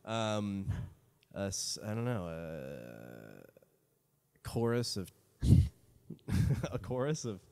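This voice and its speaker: A man's voice: deep voice, big pitch swings, drawn-out words, gravelly, pauses often, mellow, smooth. A young man co-hosting a comedy podcast, laughing often as he tells stories in casual chat. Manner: giggly storyteller, laughs often, playful voices in quotes. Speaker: podcast co-host.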